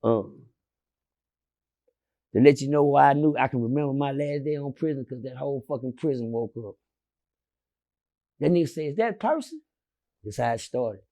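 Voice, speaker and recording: A man telling a long prison story as an interview guest, swinging from loud shouts down to low murmurs and cursing freely. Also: moderate pace, pauses often. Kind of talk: animated storytelling.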